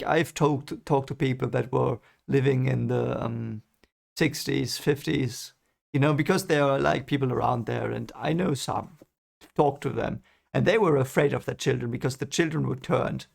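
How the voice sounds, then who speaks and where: A man's voice: medium pitch, normal speed, creaky. A man who is reading a book for the first time and reacting with strong emotion. He swears and then apologizes. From Germany. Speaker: channel host reading a book aloud.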